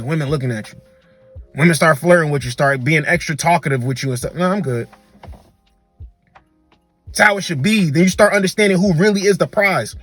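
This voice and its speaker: Blunt, slangy man with a high voice. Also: fairly bright tone. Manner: blunt, slangy, emphatic, repeats for emphasis. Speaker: dating commentator and coach. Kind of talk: reaction commentary.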